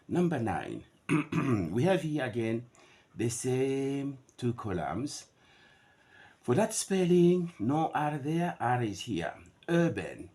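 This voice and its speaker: A middle-aged man teaching English pronunciation in a lecture, repeating each word slowly as a model. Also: low voice, darkish tone, breathy edge.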